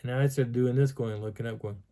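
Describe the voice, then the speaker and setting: A man telling a personal outdoor story in an animated way, acting out sounds and voices. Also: mid-range voice, a little fast. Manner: lively, acts out sounds and dialogue. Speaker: vlogger telling a field story.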